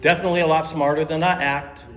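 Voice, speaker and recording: A man's voice: fairly high pitch, fairly even intonation, fast talker, a bit bright. A middle-aged man from California telling his recovery story at a meeting, in a casual, slangy way, acting out quoted lines. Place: meeting room. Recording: echoey meeting room, faint ambience.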